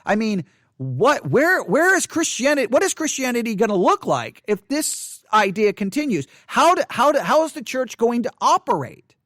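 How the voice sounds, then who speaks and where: A man reading from an article and commenting on it in an earnest way, often halting and restarting his sentences. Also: very high-pitched, very animated, a bit bright, dry recording, studio quality. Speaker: Christian commentator.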